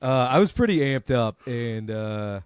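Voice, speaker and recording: A man, a comedian and podcast co-host, telling a profane story in lively casual chat. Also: mid-range voice, unhurried, clear, resonant tone, no echo. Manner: animated, profane, acts out other people's lines.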